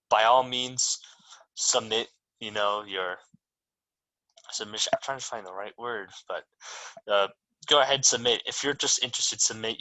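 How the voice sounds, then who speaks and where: A young man hosting a student club meeting, making casual, halting announcements over a video call. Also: fairly low pitch, sharp tone, no echo, low-quality recording. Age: young adult. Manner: casual, halting, filler-heavy. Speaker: student chapter officer, meeting host.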